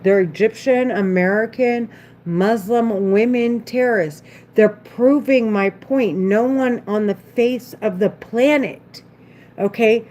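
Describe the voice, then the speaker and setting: Agitated woman rambling, high voice. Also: a little mellow. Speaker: vlogger. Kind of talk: casual rambling monologue to camera. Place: at home, doing her makeup.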